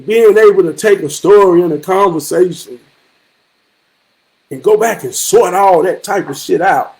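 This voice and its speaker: A man in his forties telling a personal story in an emphatic, profane way, moving from low and reflective to loud outbursts. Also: unhurried, poor audio. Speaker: vlogger.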